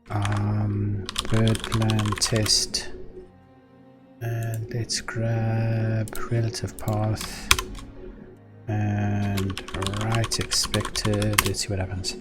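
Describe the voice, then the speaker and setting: A South African man on a casual live coding stream, muttering commands aloud as he types, chatting with viewers and swearing freely. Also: fairly low pitch. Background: background music and keyboard typing.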